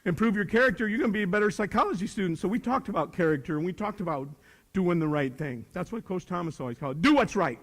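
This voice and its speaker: A man's voice: high-pitched, animated, fast talker, in a large hall. An older man giving a speech to a young audience about leadership. He talks in an emphatic, joking manner and keeps repeating his key phrases like a preacher. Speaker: motivational speaker.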